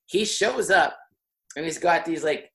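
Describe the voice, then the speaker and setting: A man's voice: a little high, a little slow, vocal fry, fairly bright tone. A young man telling a long anecdote in casual podcast chat, full of "like" and laughing through it. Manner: rambling, heavy on "like", laughs mid-story.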